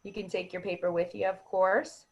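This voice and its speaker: A woman's voice: medium pitch, level tone, normal speed, dull audio, a little hiss or hum. A woman acting coach giving patient, encouraging feedback to students in an online class over a video call. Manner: encouraging, patient, explains at length. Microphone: video call microphone.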